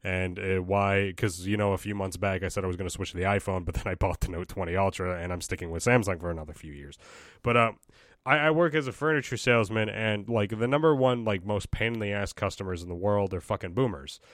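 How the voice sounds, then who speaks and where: A man's voice: low voice, fairly even intonation, quick pace, fairly bright tone, no echo, clean studio sound. A young man hosting a solo podcast, ranting casually with profanity, exasperation and frequent restarts. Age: young adult. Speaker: podcast host.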